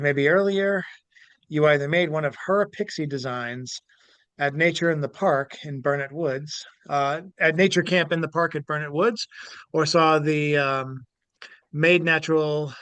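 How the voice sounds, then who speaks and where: A man hosting a casual podcast, animated, laughing easily and stumbling over words as he chats and reads aloud. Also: on the high side, no echo. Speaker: podcast host. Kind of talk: casual chat and reading aloud.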